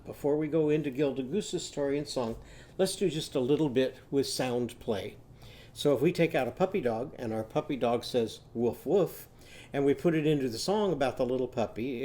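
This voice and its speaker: Mellow-voiced man teaching phonics. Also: medium pitch. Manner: patient, coaxing, sing-song, prompts children to repeat. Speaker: literacy teacher. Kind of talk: children's phonics lesson with sung animal sounds.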